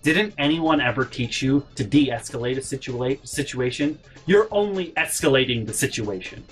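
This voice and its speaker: A man imitating a suddenly calm, condescending woman who speaks slowly and primly. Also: medium pitch, faint music behind, close to an everyday voice.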